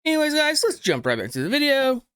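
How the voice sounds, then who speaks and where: A man's voice: very high-pitched, huge pitch swings, fast talker, a bit bright, no echo, clean studio sound. A man hosting a reaction video who scolds the clip's speaker with rhetorical questions and informal grammar. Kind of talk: reaction commentary.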